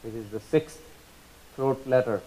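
A man teaching Quran recitation rules, patiently repeating each example slowly and drawing out the sounds. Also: mid-range voice, warm tone, rough recording. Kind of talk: slow tajweed lesson.

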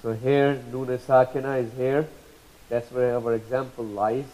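Slow, patient male recitation teacher. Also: mid-range voice, steady tone, mellow, rough recording. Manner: patient, repeats examples slowly and drawn out. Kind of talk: slow tajweed lesson.

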